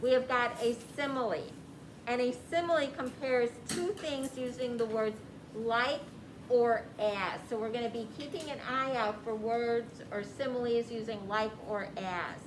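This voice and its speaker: Female teacher guiding her class with questions, echoey room with clear ambience behind her. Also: fairly high pitch, unhurried, background noise. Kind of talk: classroom reading lesson.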